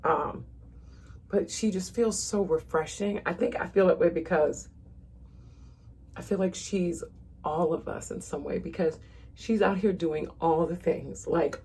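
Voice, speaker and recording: A woman's voice: on the low side, measured pace, a little mellow, breathy edge. A woman in her thirties chatting casually to viewers while she walks through a makeup tutorial at home. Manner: chatty, talks straight to viewers as "y'all". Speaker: makeup vlogger.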